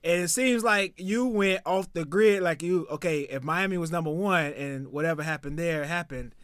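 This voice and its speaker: A man's voice: on the high side, normal speed, a bit bright, smooth, no room sound, studio quality. A man hosting a podcast, talking in a casual, rambling way with many restarts. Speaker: podcast host. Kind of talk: casual chat.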